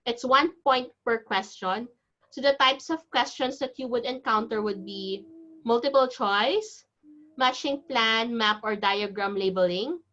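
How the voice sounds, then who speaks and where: Woman, exam-prep teacher, online lecture, slightly high pitch, dull video-call sound. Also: a bit bright. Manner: chatty, reassuring, explaining step by step. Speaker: IELTS teacher.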